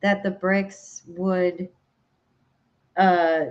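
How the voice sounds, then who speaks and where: A woman's voice: lowish voice, level tone, extremely slow. Minnesotan woman co-host, casual rambling delivery, slightly dull lo-fi sound. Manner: rambling, searches for words, laughs easily. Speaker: podcast co-host. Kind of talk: casual chat.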